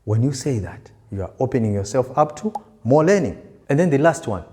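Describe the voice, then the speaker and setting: A man's voice: medium pitch, very animated, brisk, darkish tone, a little hiss or hum. A male sales trainer giving a motivational lesson, stressing and repeating key words for emphasis. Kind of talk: motivational teaching talk.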